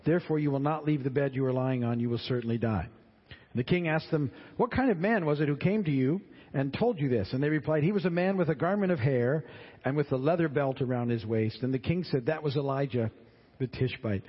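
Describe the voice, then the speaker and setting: A man's voice: medium pitch, a little fast, breathy edge. A man teaching a Bible class, reading passages aloud and breaking off into casual explanations. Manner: reads scripture aloud, then explains in casual asides. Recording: dull lo-fi sound with long reverb.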